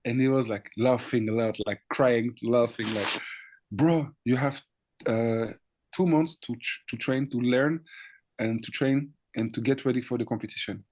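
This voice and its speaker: Man, lively storytelling DJ. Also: mid-range voice, normal speed. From France. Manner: animated, laughing, acts out quoted dialogue. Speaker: DJ guest. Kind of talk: casual storytelling interview.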